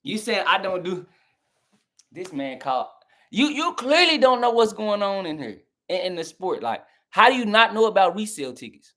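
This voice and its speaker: Speaking at a moderate pace in a high, fairly bright voice with big pitch swings, a young man from the American South fights with his stream's chat. His Southern accent comes through as he mocks their replies and argues with them directly.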